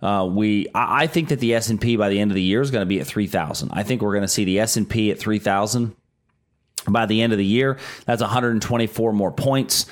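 A man's voice: fairly low pitch, a little fast. A middle-aged man co-hosting a casual talk show, explaining stock market trends with frequent restarts. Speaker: market analyst co-host.

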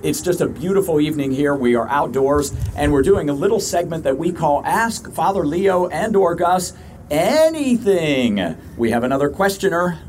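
Upbeat radio host outdoors. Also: male voice, fairly high pitch, sing-song, normal speed, a little mellow, a little hiss or hum. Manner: upbeat, chatty, laughs along. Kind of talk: live radio show hosting. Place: outdoors on a river cruise ship deck.

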